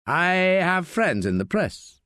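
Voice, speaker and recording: A man's voice: a little high, very animated, slow, pushed and bright, no room sound, studio quality, pitched above the performer's own voice, exaggerated voice. A man playing a persistent, cool-headed police detective, probing and needling.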